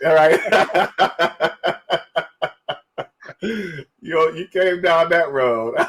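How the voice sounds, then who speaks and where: Excitable middle-aged male podcast host. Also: on the high side, extremely slow. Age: 40s. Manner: excitable, laughs often, repeats words. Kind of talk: casual interview chat.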